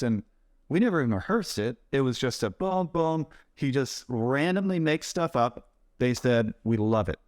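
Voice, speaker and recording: A man who works as a stuntman, telling lively anecdotes in a casual interview and acting out what people said. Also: mid-range voice, moderate pace, no room sound, studio quality. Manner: animated anecdotes, acts out quoted voices. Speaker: stuntman guest.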